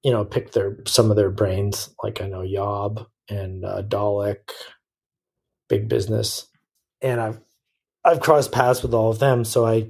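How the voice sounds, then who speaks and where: A man's voice: fairly low pitch, level tone, unhurried, vocal fry, darkish tone, slightly rough. A man as a podcast guest, talking frankly in a rambling way, often restarting and correcting himself. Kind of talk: casual interview chat.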